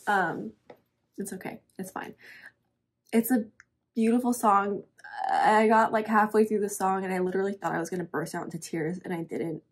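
A woman's voice: medium pitch, steady tone, moderate pace, slightly rough. A young woman hosting a casual reaction video, talking in an emotional, rambling way with lots of "um" and "literally".

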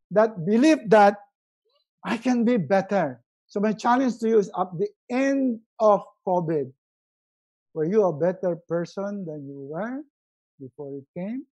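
Coach guy on a webinar, repeats words, goes loud then quiet. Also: high voice, unhurried, rough recording. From Philippines. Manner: animated, swings from loud to hushed, repeats words for emphasis. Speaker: resiliency coach. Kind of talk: live webinar talk.

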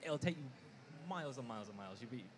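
A man's voice: medium pitch, lively intonation, fast. A man on a live convention panel, speaking hesitantly with many uhs. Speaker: panelist and player. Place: on stage at a comic convention panel. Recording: noisy live panel recording.

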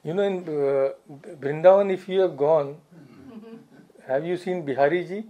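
A man's voice: fairly high pitch, moderate pace, warm tone, highs cut off. A man giving a spiritual talk as a swami, earnest, repeating phrases for emphasis. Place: society hall.

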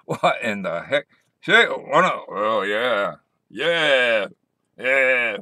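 A man's voice: medium pitch, big pitch swings, drawn-out words, pushed and bright, low-quality recording. A man rambling casually into his camera for a vlog, goofy and joking, laughing at himself. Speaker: vlogger.

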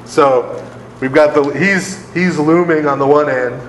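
A man's voice: fairly high pitch, a little slow, reverberant, long reverb tail, slight background noise, low-quality recording. A man, a priest, leading a live Bible study for a group, conversational and often laughing, checking in with his listeners. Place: large hall with a live group.

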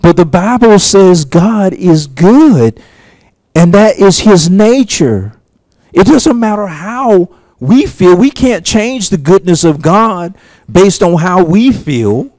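A man preaching a sermon, slow and emphatic, with long pauses between phrases. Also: sits high, lively intonation, darkish tone, no room sound. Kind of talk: sermon teaching.

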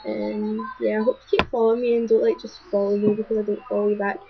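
A young woman with a Scottish accent, rambling through chatty webcam shout-outs to followers at home, talking fast. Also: mid-range voice, completely flat delivery, gravelly, noisy background. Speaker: vlogger. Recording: dull lo-fi webcam audio.

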